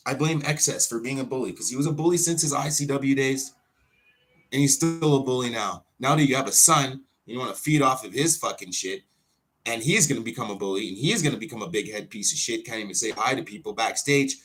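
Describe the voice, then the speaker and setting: A wrestler hosting his own show, ranting in an unscripted way, full of swearing, with sudden loud outbursts that drop back to muttering. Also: medium pitch, a little fast. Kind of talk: unscripted profane rant.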